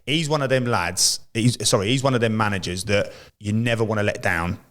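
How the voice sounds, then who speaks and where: A man's voice: lowish voice, fairly quick, a bit bright. An English man, an ex-footballer, telling rambling stories in a casual podcast chat, full of restarts. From England. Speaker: podcast co-host, ex-professional footballer.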